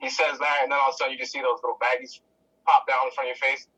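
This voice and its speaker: A man's voice: mid-range voice, flat delivery, rapid-fire, a loud crowd. A young man co-hosting a podcast in casual chat, playfully spinning what-if scenarios, sounding dull and distant. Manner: laughing, playful what-if storyteller. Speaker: podcast co-host.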